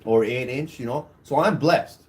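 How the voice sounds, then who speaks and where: A man's voice: mid-range voice, normal speed, darkish tone. A young man hosting a podcast on his own, talking casually and crudely in a rambling way and laughing at his own stories. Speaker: podcast host. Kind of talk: casual solo podcast talk.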